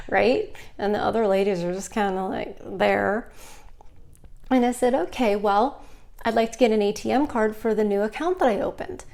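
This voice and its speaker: A young adult woman vlogging, telling a personal story in a casual, animated way and acting out other people's lines. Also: mid-range voice, moderate pace, creaky.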